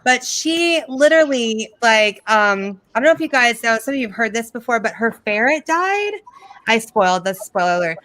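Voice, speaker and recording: A middle-aged woman doing a sarcastic stand-up comedy set over a video call, with animated storytelling and mocking impressions. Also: fairly high pitch, normal speed, no echo.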